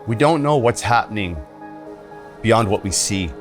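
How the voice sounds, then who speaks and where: A man's voice: lowish voice, animated, measured pace, soft background music. A man leading a retreat, giving an earnest teaching talk and telling stories. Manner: earnest, acts out voices in stories.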